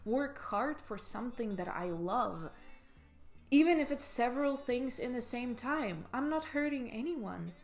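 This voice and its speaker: A woman's voice: on the high side, animated, measured pace, soft background music. A woman in her twenties, a vlogger giving a podcast-style pep talk in a passionate, emphatic way, swearing for emphasis.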